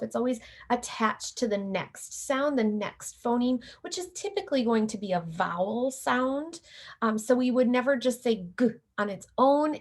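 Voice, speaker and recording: A woman's voice: on the high side, a little mellow. A middle-aged woman lecturing teacher candidates, explaining carefully and demonstrating letter sounds. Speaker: teacher educator. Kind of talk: recorded lecture.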